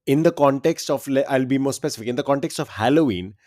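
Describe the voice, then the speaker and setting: Male podcast quizmaster, mid-pitched voice, lively and laughing easily, dry close-miked sound. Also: fast, no room sound. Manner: animated, laughs often. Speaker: quiz podcast co-host. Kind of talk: casual quiz chat.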